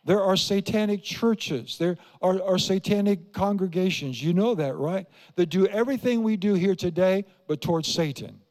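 An older man from Iowa preaches a sermon in a slightly high voice, driving his points home with repetition and questions to the congregation. His voice carries a long reverb through a large church hall. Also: moderate pace, few pauses, a little mellow. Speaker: pastor. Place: church sanctuary.

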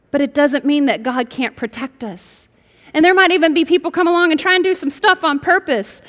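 Woman preacher, high voice, emphatic sermon delivery, congregation prompts, long hall reverb. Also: animated, brisk, fairly bright tone, some chatter behind. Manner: emphatic, rising to bursts, asks the congregation to respond. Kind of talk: sermon with storytelling. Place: large church sanctuary.

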